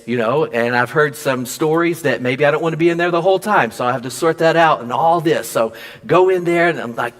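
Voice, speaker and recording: Guy pastor preaching, tells his own story, acts out the quotes, voice jumps way up when he's surprised. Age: adult father. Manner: animated, acts out quoted dialogue with big pitch jumps. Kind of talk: sermon with personal storytelling.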